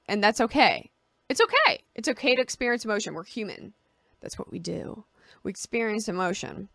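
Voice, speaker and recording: A woman's voice: on the high side, animated, brisk, sharp tone, dry recording, studio quality. A woman vlogger talking casually to camera, giving personal advice and explaining with homely analogies.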